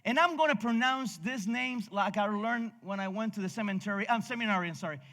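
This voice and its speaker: A man's voice: high voice, brisk, bright, forceful tone, long reverb tail. A male pastor with a Spanish accent preaching a passionate sermon, with frequent restarts and laughs. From Cuba. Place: church sanctuary.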